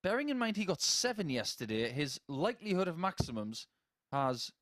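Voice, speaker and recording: A male former player commentates on darts in a chatty, playful way. His voice is slightly high for a man and swoops through a wide, animated range. The sound is dry and close, as a commentary box would give it. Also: normal speed, no echo. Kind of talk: live sports commentary.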